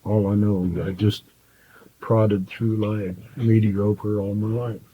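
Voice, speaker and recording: A man's voice: on the low side, level tone, slow pace, phone-quality sound, a little hiss or hum. A man asking questions in a channeling session, answering briefly in a hesitant, self-doubting way.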